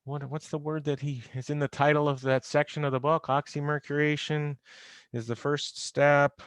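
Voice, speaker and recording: A man's voice: a little high, flat delivery, moderate pace, clear, resonant tone, no room sound, studio quality. A man giving an informal, wry recorded chemistry lecture, going over exam answers and talking straight to his students. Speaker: chemistry instructor. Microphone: close computer mic on a video call recording.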